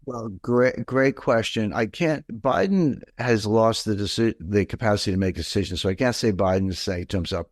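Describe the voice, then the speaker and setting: A man's voice: on the low side, normal speed, few pauses, dry recording, studio quality. An older man, a financial commentator, giving blunt, opinionated and rambling answers in an interview.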